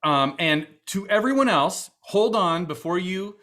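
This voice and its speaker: A man's voice: high voice, animated, a little slow, a bit bright. A man with a Boston accent hosting a virtual fundraiser, chatty and upbeat with many fillers. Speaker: event host.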